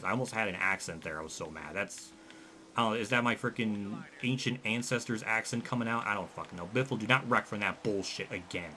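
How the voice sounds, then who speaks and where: A man giving frustrated, swearing commentary over a racing game, breaking into angry yells and running out of breath. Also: fairly low pitch, a little fast. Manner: frustrated, swearing, yelling in bursts.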